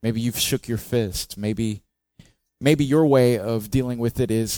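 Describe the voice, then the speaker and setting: With a medium pitch and a slightly slow delivery, a male pastor preaches conversationally, asking the congregation questions. He expressively acts out the psalmist's cries in a raised voice, and there's no room sound.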